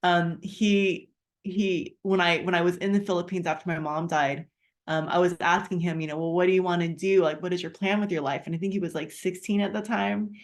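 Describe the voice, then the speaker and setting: A middle-aged woman telling a heartfelt personal story and pitching a wellness business in a chatty way, with many fillers and restarts. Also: steady tone, fairly quick.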